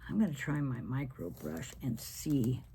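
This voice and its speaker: Hoarse gravelly woman, half-whispering. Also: rumbling low, unhurried, warm tone, slight background noise. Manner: half-whispered, chatty asides to viewers. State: losing her voice. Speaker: craft video host. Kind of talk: painting tutorial chat.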